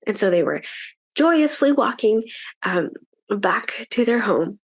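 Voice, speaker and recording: Animated woman telling a children's story. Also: medium pitch, slow pace, slightly rough. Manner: animated, chatty, with fillers. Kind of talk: children's story told at church.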